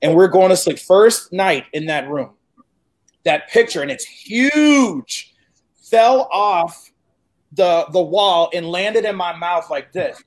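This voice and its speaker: A man in his forties from Chicago, a guest telling a story in casual, animated chat, cursing freely and acting out what people said. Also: high-pitched, slow pace. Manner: animated, profane, acts out quoted dialogue.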